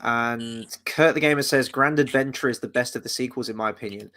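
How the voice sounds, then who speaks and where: A man's voice: medium pitch, brisk, sharp tone. A man co-hosting a casual film podcast, chuckling as he reads viewer comments aloud. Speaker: podcast co-host reading live chat. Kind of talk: casual chat.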